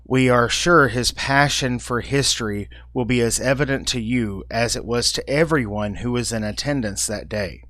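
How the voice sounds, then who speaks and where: A man reading a scripted introduction in an even, read-aloud way. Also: mid-range voice, normal speed, few pauses, no room sound. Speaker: narrator of the introduction.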